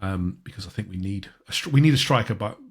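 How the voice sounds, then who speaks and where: A man's voice: on the low side, expressive, fast, breathy edge. A man hosting a casual football podcast, stopping and restarting his sentences often. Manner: hesitant, many restarts and self-corrections. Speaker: podcast host.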